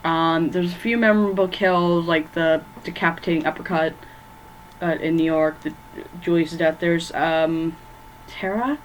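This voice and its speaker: A woman's voice: low-pitched, steady tone, unhurried, a little hiss or hum, low-quality recording. A woman ranking horror movies in a rambling, casual chat from her bedroom, full of fillers and stumbling over names. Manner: rambling, filler-heavy, loses track of names. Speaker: movie vlogger.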